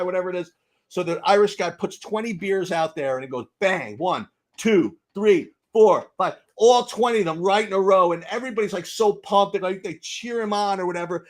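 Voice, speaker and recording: A man's voice: high-pitched, a little fast. A man co-hosting a fantasy sports podcast, chatting casually and telling a long, rambling joke full of restarts. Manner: rambling storyteller with many restarts. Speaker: podcast co-host. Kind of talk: casual chat.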